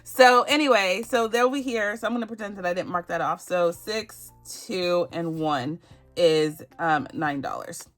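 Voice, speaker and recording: A woman's voice: fairly low pitch, a little slow, faint music behind. A woman from Barbados hosting a casual savings challenge vlog, chatting and laughing often as she goes. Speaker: budgeting channel host.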